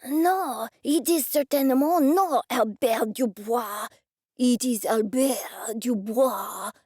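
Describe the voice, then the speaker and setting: A woman's voice: fairly high pitch, slow pace, darkish tone, no room sound, clean studio sound. A woman voicing a short, flustered male chef with a thick put-on French accent.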